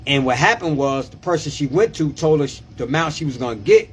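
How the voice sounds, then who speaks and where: A tax preparer chats casually on a livestream in a mid-range, animated voice at a moderate pace. He is emphatic and repetitive, often stopping to ask "you understand?" A slight background noise sits under the recording.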